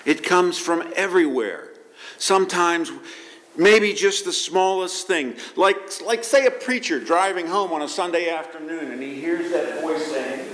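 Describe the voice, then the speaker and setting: A male pastor delivering a sermon, talking in an animated way, asking his listeners rhetorical questions and repeating words as he builds his points. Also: a little high, unhurried.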